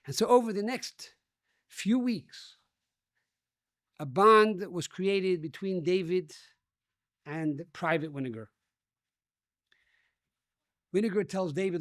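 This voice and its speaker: High-voiced rabbi telling a sermon story. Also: male voice, takes it slowly, long pauses, no echo, studio quality. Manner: addresses listeners warmly as dear friends.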